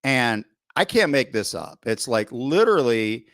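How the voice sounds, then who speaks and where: Middle-aged male coach, relaxed storyteller, mid-range voice, dry close sound; fits a podcast guest spinning old sideline tales. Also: medium pitch, a little slow, no echo. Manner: lively storyteller, frequent "right?" asides, occasional swearing. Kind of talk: casual anecdote storytelling.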